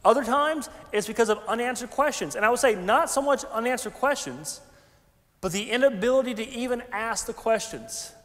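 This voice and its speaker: A high-pitched man with a twang preaches in a loose, conversational way, tossing in folksy asides to his congregation. His voice rings with a long reverb from a big sanctuary. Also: animated, brisk, a bit bright. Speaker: pastor. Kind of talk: sermon. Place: large church sanctuary.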